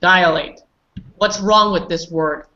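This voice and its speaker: A woman's voice: mid-range voice, moderate pace, fairly bright tone, lo-fi sound. A woman teaching English pronunciation, patiently correcting students and calling on them by name. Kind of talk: online pronunciation lesson.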